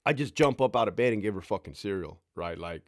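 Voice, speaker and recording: This man, in his thirties, runs a laid-back livestream from home, cursing freely, bragging and laughing while he replies to chat. He speaks quickly with lively intonation in a voice on the low side, and the studio-quality audio has no echo.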